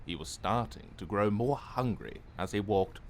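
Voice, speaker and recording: A man narrating a children's animated short in a gentle, expressive storytelling voice. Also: lowish voice, normal speed, slight background noise.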